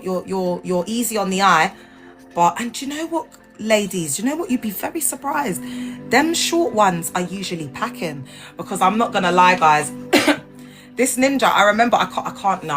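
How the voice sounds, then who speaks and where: A woman chatting casually to viewers on a livestream, animated and laughing, her voice jumping up high when she gets excited. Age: adult with grown children. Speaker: livestream host. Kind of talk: casual chat.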